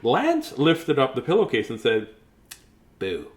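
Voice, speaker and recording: A man's voice: mid-range voice, sing-song, moderate pace. A man reading a picture book aloud, chuckling and adding chatty asides to the listeners. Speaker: storybook reader.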